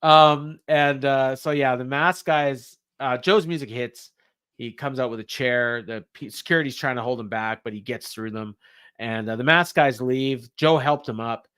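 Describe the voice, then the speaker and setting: A man's voice: mid-range voice, moderate pace, a bit bright, clean tone. A man co-hosting a podcast, recapping a show in a rambling way with many fillers. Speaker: podcast co-host. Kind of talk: casual wrestling recap.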